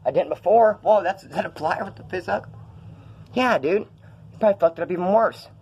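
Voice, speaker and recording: The recording is muffled, and the young vlogger's voice is high, husky, and fairly quick. Filming himself in a room while sick, he rambles through profane stories in a casual vlog.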